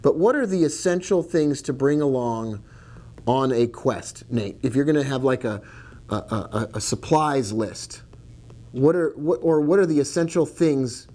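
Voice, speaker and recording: A man's voice: mid-range voice, lively intonation, unhurried, dark tone. Chatty man giving a trading lesson. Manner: chatty and digressive, jokes and asides. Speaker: trading educator. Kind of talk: casual video lesson.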